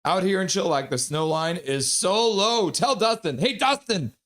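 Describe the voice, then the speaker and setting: A middle-aged man hosts a casual hockey pregame stream. He chats with an upbeat, friendly manner as he greets viewers one by one. His voice sits a little higher than most men's. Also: lively intonation, normal speed, a bit bright. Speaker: livestream host reading chat.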